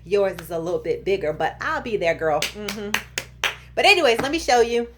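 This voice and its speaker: Animated, joking woman vlogger. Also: mid-range voice, moderate pace, background noise. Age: 30s. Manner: animated, joking, playful sing-song bursts. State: out of breath. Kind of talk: casual pregnancy update vlog.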